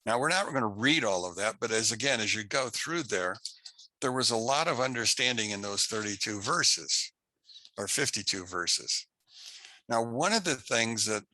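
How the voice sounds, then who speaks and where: A man teaching an unscripted Bible class, telling a story slowly and haltingly with many restarts. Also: lowish voice, bright, forceful tone, no room sound. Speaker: Torah teacher.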